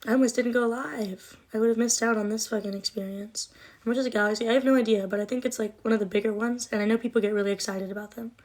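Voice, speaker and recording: A woman's voice: on the high side, steady tone, fast, darkish tone. A young woman chatting casually on a livestream, rambling, emotional and swearing often. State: cold, shivering.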